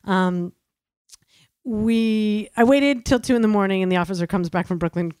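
A woman's voice: mid-range voice, a little mellow, smooth, no room sound. Chatty woman telling a personal story. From New York. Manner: chatty, full of "like" and "um", quick to laugh at herself.

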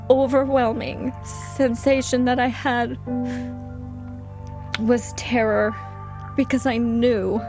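A woman guest recounts a painful personal story at a slow, halting pace, her voice pitched a little high and full of emotion. The sound is dry and close, with faint music underneath. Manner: halting, emotional, with frequent restarts. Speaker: interview guest.

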